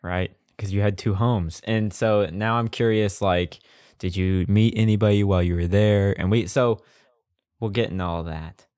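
A man's voice: on the low side, fairly even intonation, normal speed, a little mellow, clean tone, dry recording, clean studio sound. A young man co-hosting a casual podcast chat, laid-back and rambling. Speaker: podcast co-host.

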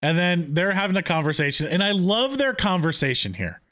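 A man with a fairly high voice chats casually about a TV episode. He tells scenes with real enthusiasm and acts out the characters' lines. He uses lots of fillers and restarts. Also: big pitch swings, a little fast, a bit bright, no room sound, clean studio sound. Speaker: podcast co-host. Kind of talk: casual TV recap chat.

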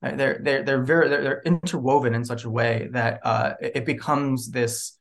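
A man's voice: mid-range voice, steady tone, normal speed, gravelly. A man appearing as a therapist guest on a podcast, explaining thoughtfully and checking in with "right?". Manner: thoughtful, explanatory, many restarts and "right?" tags. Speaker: psychotherapist guest. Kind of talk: casual podcast interview.

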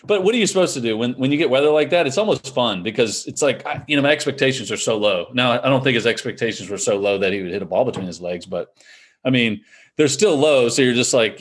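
A man's voice: medium pitch, lively intonation, quick pace, husky. A man telling golf stories in a casual podcast chat, rambling with many fillers and frequent laughs. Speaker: golfer guest.

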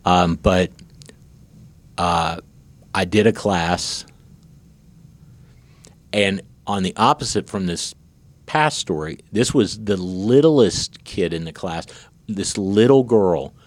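A man's voice: low-pitched, slow, long pauses, no echo. A man hosting a podcast, telling stories in casual chat, with many restarts and repeated words. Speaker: podcast host.

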